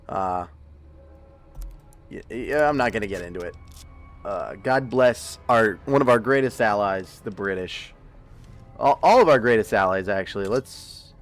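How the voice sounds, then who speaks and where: A man casually commenting on his gameplay for a live stream, joking and rambling to his viewers. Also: on the low side. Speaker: livestreaming gamer.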